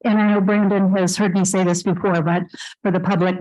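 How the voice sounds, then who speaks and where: A woman on the council giving measured remarks at a public meeting, with many fillers. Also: fairly low pitch, little pitch movement, warm tone, poor audio.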